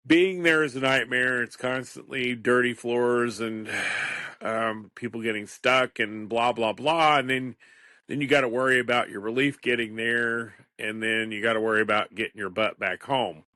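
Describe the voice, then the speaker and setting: A man's voice: medium pitch, fairly even intonation, moderate pace, pushed and bright, dry recording, studio quality. A man in his fifties, hosting a solo podcast in a rambling, chatty way and chuckling often. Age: 50s. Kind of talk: casual solo podcast monologue.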